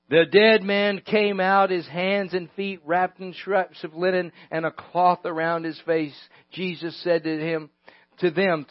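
High-voiced preacher, dynamic. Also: male voice, measured pace, dry recording. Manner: dynamic, swinging from hushed to loud, with chuckles. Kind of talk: sermon. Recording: dull lo-fi recording.

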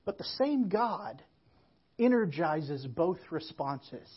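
A woman pastor preaching a sermon, telling stories and moving between quiet reflection and emphatic calls to the church. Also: on the low side, sing-song, takes it slowly, breathy edge, muffled recording.

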